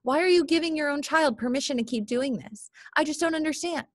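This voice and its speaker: A woman's voice: mid-range voice, normal speed, gravelly, fairly bright tone, breathy edge, no room sound, clean studio sound. A woman voicing an anxious, critical stepmother who scolds sharply. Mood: indignant.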